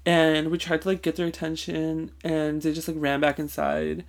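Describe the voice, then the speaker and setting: A podcast co-host in his twenties tells a long, rambling story in casual chat, packed with "like" and swearing. His voice is on the high side, monotone and creaky, at a moderate pace.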